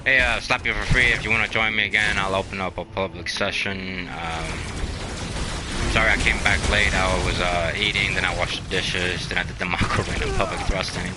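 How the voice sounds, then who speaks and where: Laid-back male gamer, somewhat deep voice, chatty and encouraging, filler-heavy, game music clearly audible behind. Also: fairly even intonation, brisk. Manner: rambling, motivational, many fillers. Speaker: gaming channel host. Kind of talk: casual commentary while playing.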